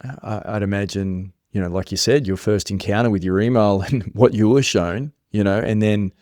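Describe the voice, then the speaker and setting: A man hosting an interview podcast, asking halting, hedged questions. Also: fairly low pitch, mellow, no echo, studio quality. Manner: halting, hedging questions with many fillers. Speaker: podcast host.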